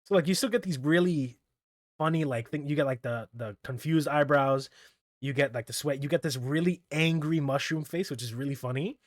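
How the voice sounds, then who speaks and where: A man's voice: fairly high pitch, moderate pace, no echo, studio quality. A man casually recapping manga chapters as a reviewer, rambling, correcting himself often and chuckling as he goes.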